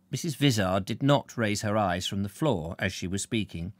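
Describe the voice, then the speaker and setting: A man narrating a novel aloud in a live reading, expressive, correcting his slips as he goes. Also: on the low side, normal speed, few pauses, dry recording.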